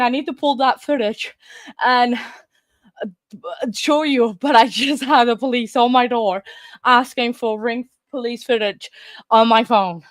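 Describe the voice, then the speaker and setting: A woman's voice: on the high side, slow, pauses often, no room sound, studio quality. A woman hosting a true crime channel, out of breath and flustered, rambling to her viewers with nervous laughs. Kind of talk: casual chat to viewers.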